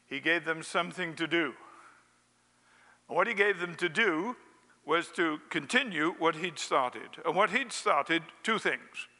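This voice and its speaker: A man's voice: fairly high pitch, lively intonation, unhurried, pushed and bright, in a large hall. A man preaching a sermon, telling a wry anecdote and acting out its quotes.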